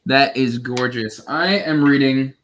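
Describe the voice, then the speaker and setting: A man hosts a casual livestream with a bright, forceful tone. He chats loosely and pokes fun at himself, hesitating with plenty of fillers. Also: medium pitch, unhurried. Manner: chatty, self-deprecating, hesitant with fillers. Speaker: livestream host. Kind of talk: casual chat.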